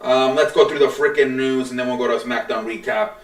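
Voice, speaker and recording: A man's voice: medium pitch, fairly even intonation, fairly quick. A man hosting a solo sports podcast, rambling and swearing with many restarts. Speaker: podcast host. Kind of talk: casual solo sports talk. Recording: echoey room, distant from the mic.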